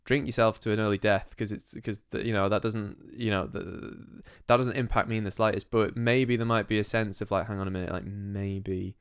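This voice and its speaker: Fast-talking man, blunt podcast host. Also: lowish voice, clear, resonant tone, no room sound, clean studio sound. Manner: animated, blunt, swears, many restarts. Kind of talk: casual podcast chat.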